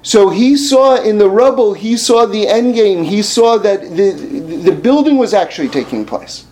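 Animated high-voiced man telling a story. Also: moderate pace. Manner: animated, rising high and loud when making a point; frequent fillers and restarts. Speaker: speaker telling a story with a lesson. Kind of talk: casual storytelling talk.

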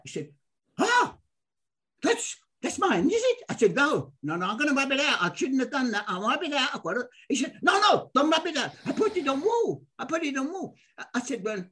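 An older man, a guest sports artist, telling stories in a lively way and acting out the people in them. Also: sits high, breathy edge. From England. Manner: animated, acts out the people in his stories, repeats himself. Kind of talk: lively anecdotal storytelling.

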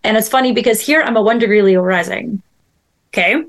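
A woman's voice: on the high side, brisk. A woman who is a guest astrologer, chatting casually and animatedly, often saying "like" and acting out little voices in her stories. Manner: animated storyteller, acts out voices, filler "like". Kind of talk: casual chat.

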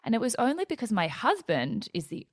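A woman's voice: a little high, sing-song, fairly quick, dry recording, clean studio sound. A woman in her thirties with an Australian accent, telling her story in a talkative interview chat that wanders off on tangents. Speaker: guest.

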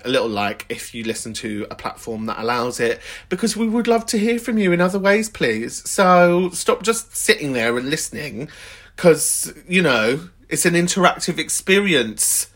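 A man's voice: mid-range voice, fairly bright tone. A man hosting a call-in podcast, chatting in a camp, teasing way and swearing freely. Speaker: podcast host. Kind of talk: casual chat.

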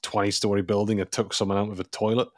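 A man's voice: fairly low pitch, level tone, quick pace, dry recording, clean studio sound. A man hosting a casual film podcast, sarcastic and swearing freely as he picks a movie apart. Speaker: podcast host.

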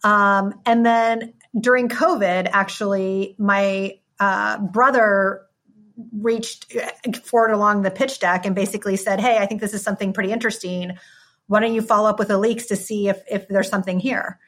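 A woman's voice: mid-range voice, fairly even intonation, normal speed, fairly bright tone. A woman answering interview questions as a wine company executive, in polished business language.

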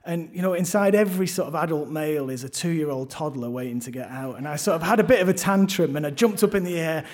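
A man's voice: fairly high pitch, animated, quick pace, hardly any pauses. Wry man telling a story. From London, England. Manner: self-deprecating, wry, frequent restarts. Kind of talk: live first-person storytelling. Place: theatre stage.

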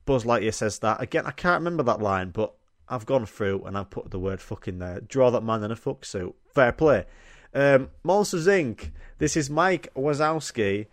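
An excitable young man hosts a comedy podcast, swearing freely and laughing at his own jokes. His voice sits at an everyday middle pitch. The sound is close and dry, with no room around it. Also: normal speed, no room sound. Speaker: podcast host. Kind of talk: casual comedic monologue.

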